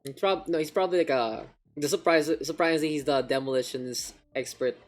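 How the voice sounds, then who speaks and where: A man's voice: fairly high pitch, brisk, faint music behind. A man with a Filipino accent, hosting a casual game stream and swearing loosely as he mixes English with Filipino. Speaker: caster and stream host.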